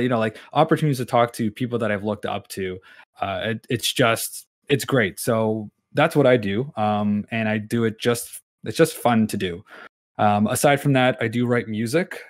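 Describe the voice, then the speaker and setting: A man's voice: lowish voice, no room sound, studio quality. A man chatting as a podcast guest, easygoing and full of fillers. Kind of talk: casual podcast chat.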